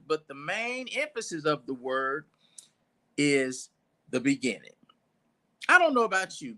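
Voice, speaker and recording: A man gives a loose, conversational sermon. His voice is bright and a little high, and his pitch swings widely as he builds emphasis. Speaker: preacher. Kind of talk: informal sermon teaching. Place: church.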